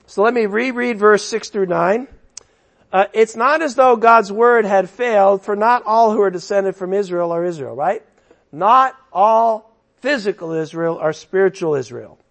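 A man's voice: high voice, fairly bright tone. A man preaching an expository sermon, emphatic and emotional, with conversational asides to his listeners. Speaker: pastor.

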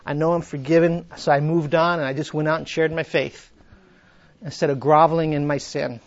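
A man's voice: on the high side, flat delivery, brisk, dull audio. A middle-aged man leading a Bible study, who acts out quoted prayers in a raised, emphatic voice. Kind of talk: interactive Bible teaching.

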